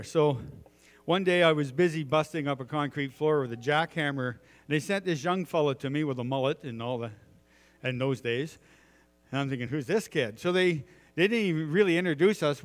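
A man's voice: on the high side, normal speed, big-room sound. A middle-aged man, preaching a sermon in a folksy storytelling way with many filler words.

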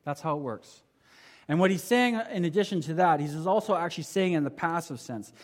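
A man preaching a sermon in a conversational way, asking the congregation rhetorical questions and moving between emphatic and quiet passages. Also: expressive, fairly quick. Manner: swings from emphatic to quiet and low. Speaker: pastor.

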